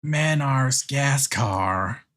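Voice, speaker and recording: A man's voice: mid-range voice, expressive, extremely slow, fairly bright tone. A man streaming his art, chatting casually and rambling with fillers as he reacts to chat and the music. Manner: talks with frequent fillers and small laughs.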